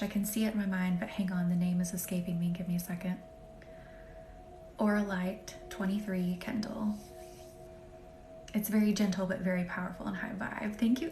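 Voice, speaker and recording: A woman hosting a live healing stream, speaking softly and often half-whispering as she greets viewers by name and guides them to relax. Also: medium pitch, slight background noise. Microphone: phone or webcam for live stream. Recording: roomy room with faint music.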